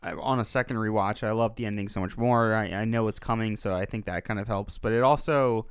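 A man casually discussing a film as a podcast co-host, relaxed and reflective. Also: lowish voice, a little fast, clean tone, dry recording, clean studio sound. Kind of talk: casual film review chat.

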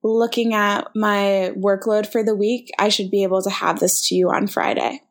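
A woman's voice: mid-range voice, little pitch movement, moderate pace. A young adult woman hosting her own podcast, talking alone in a reflective, encouraging, conversational way. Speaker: podcast host. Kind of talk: solo podcast talk.

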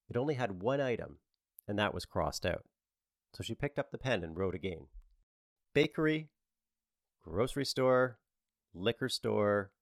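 A man narrating a novel as an audiobook, with a wry, lively storytelling manner. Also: fairly low pitch, no echo, clean studio sound.

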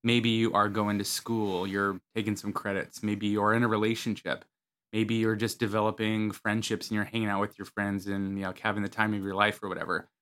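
A man co-hosting a podcast in a loose, chatty way and quick to laugh. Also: fairly low pitch, little pitch movement, a bit bright. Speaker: podcast co-host. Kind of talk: casual conversational podcast talk.

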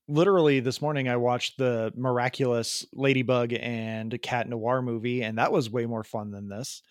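A man's voice: medium pitch, dry recording. Rambling joking man on a dry mic. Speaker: podcast co-host. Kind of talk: casual chat.

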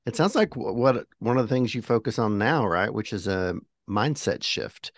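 A man's voice: fairly low pitch, expressive, moderate pace, dry recording, studio quality. A male podcast host who chips in briefly and keeps a guest's story moving. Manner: brief encouraging interjections. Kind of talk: casual interview.

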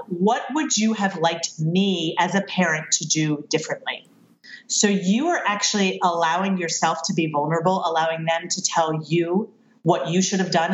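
A woman in a conversation, earnestly explaining parenting strategies and laughing at her own mistakes. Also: fairly low pitch. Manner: earnest, self-deprecating, laughs at herself. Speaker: parenting expert guest. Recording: roomy, dull lo-fi sound.

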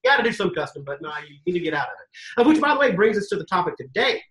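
A man telling stories in a casual podcast interview as a guest coach, animated, acting out quotes and swearing casually. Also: high voice, very fast, slight background noise, rough recording.

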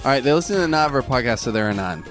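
A man with a Southern US accent trades jokes on a casual podcast while reading out listener reviews. His pitch rises and falls in a lively way. He laughs easily, and soft music sits faintly in the background. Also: racing. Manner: joking, laughs often. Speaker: podcast co-host.

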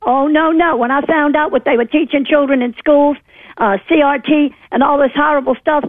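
A woman's voice: high voice, fairly even intonation, moderate pace, dry recording. A woman from New Orleans calling in to a talk radio show, indignant and rambling with fillers. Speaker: caller. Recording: phone line.

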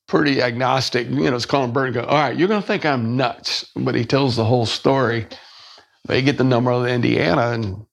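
A middle-aged man, telling a personal story as a podcast guest, halting and restarting his words and acting out the people he quotes. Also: medium pitch, creaky.

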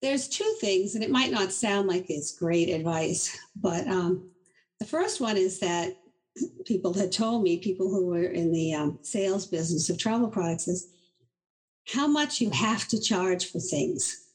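A middle-aged woman from Boston, a guest on an interview show, telling stories in an animated, chatty way and often laughing through them. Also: lowish voice, measured pace, rough recording. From Boston, USA. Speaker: inventor, guest. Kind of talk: casual interview storytelling.

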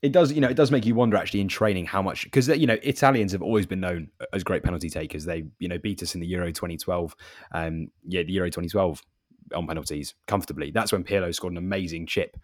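A man's voice: low voice, quick pace, dry recording, studio quality. A young man, co-hosting a casual sports podcast and explaining football at length with many restarts. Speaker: podcast co-host.

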